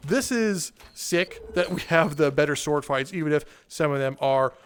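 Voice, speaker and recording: A man giving casual, excitable gameplay commentary as a mod reviewer, chatting to the characters on screen and laughing often. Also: on the high side, moderate pace, noisy background. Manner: excitable, talks to game characters, frequent laughs. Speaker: video game mod reviewer.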